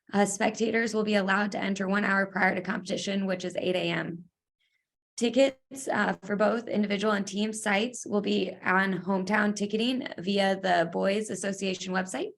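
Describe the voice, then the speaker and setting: Woman going over schedules on a webinar, pretty monotone, voice a bit worn out. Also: mid-range voice, gravelly. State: slightly losing her voice. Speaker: athletic association staff. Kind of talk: informational webinar briefing. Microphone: video call.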